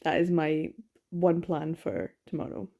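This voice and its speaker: A young woman chatting excitedly in a late-night reading vlog, sleepy with her words slurring, gasping and laughing as she gushes about a book. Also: low-pitched, measured pace, creaky. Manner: gushing and excitable, frequent laughs and gasps. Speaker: book vlogger.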